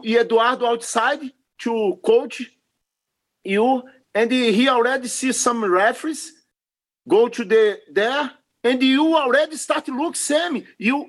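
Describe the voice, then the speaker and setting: Male guest, high voice, emphatic and earnest. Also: fairly bright tone. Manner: earnest, broken non-native English, emphatic. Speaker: podcast guest, jiu-jitsu referee. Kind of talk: casual interview talk.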